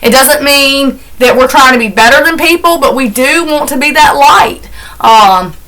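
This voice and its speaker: A woman's voice: high voice, normal speed, sharp tone, rough recording. A middle-aged woman, chatting in a heartfelt, rambling, folksy way as she does chores for her vlog. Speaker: vlogger. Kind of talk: casual chat while doing chores.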